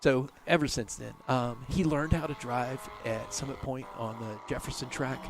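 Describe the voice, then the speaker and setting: Gravelly middle-aged guy rambling thru a story, lots of ums, noisy track in the background. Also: mid-range voice, steady tone, normal speed. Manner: rambling, full of fillers and restarts. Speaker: race team owner, interview guest. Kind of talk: casual storytelling interview.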